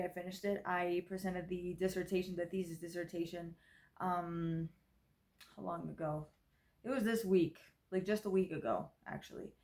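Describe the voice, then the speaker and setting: Tired rambling young woman vlogging. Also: medium pitch. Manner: rambling, filler-heavy, self-correcting. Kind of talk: casual personal vlog. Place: grandmother's house.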